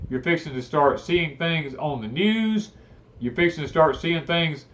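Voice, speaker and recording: Blunt preaching Southern man, lively. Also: a little high. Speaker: homesteading channel host. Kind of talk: live-stream chat turning to preaching. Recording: dull lo-fi live-stream audio.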